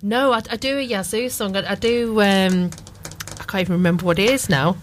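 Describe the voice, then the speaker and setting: A woman's voice: mid-range voice, a little fast, a little hiss or hum. A woman co-presenting a local radio show in casual chat, self-deprecating, with frequent restarts.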